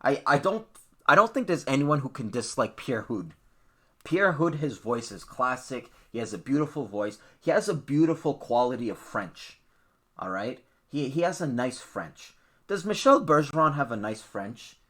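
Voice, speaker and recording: Lively, bright-voiced podcast host ranting. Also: male voice, mid-range voice, normal speed. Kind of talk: opinionated casual podcast talk.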